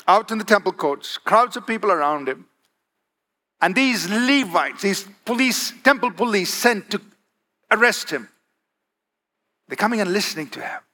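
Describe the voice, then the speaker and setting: Preaching with emphasis, this man asks his congregation for an "Amen?" and varies his speed for effect. His voice sits high, bright and forceful.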